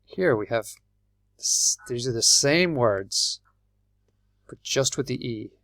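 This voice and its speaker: Man, Irish accent, English teacher, slow careful delivery, spells letters aloud, dry room. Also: medium pitch, animated, fairly bright tone, dry recording. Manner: patient, spells words out letter by letter. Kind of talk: slow, clear classroom explanation.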